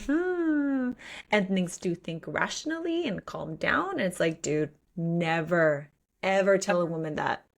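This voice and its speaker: Animated woman chatting about a book. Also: on the low side, measured pace, vocal fry. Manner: animated, acts out characters' lines. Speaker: podcast co-host. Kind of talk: casual book discussion.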